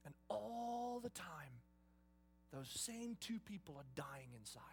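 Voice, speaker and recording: A man preaching a sermon in an emphatic style, swinging between hushed and loud delivery. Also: high voice, very animated, takes it slowly, soft background music. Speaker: pastor.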